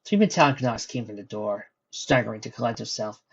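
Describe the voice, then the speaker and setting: Husky male fan-fiction narrator. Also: mid-range voice, lively intonation, brisk. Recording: dull lo-fi recording.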